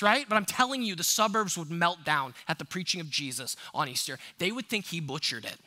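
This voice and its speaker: A man's voice: sits high, lively intonation, a little fast, few pauses, bright, forceful tone. A man preaching a sermon as a pastor, emphatic and conversational, asking the congregation rhetorical questions. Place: church sanctuary.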